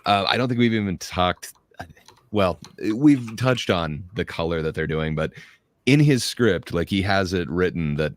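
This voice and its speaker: A man's voice: low-pitched, animated, unhurried, no echo. A man in a casual online film discussion, giving a thoughtful, rambling analysis over a video call.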